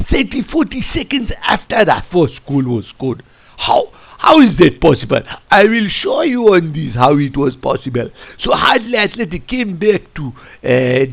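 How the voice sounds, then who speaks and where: A man coaching football, reviewing a match over a tactics board in an animated, rambling way. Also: a little high, normal speed, creaky. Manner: animated, rambling, keeps saying "I tell you". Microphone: computer mic. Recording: lo-fi screen recording.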